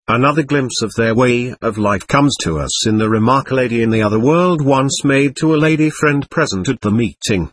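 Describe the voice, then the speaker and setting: A man's voice: mid-range voice, brisk, hardly any pauses, slightly rough, dry recording. A man reading a book aloud, calling out page numbers between passages. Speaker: audiobook reader.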